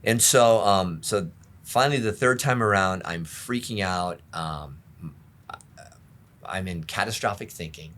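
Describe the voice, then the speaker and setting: A man's voice: sits low, a little slow, a bit bright. A middle-aged man, a pastor, candidly recounting his past in an interview, open and self-deprecating. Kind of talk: candid storytelling in a conversation.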